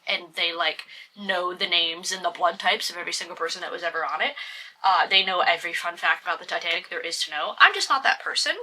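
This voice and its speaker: Bright-voiced young woman ranting about a book. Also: lowish voice. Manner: exasperated, swearing, lots of "like". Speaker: book reviewer. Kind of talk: casual book review rant.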